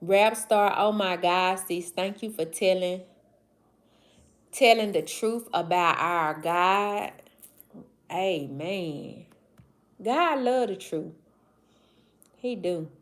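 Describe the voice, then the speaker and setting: Greeting viewers by name, a woman in her forties from the Southern United States hosts a casual livestream, reading comments in a slow, affectionate Mississippi drawl. Her voice is on the low side.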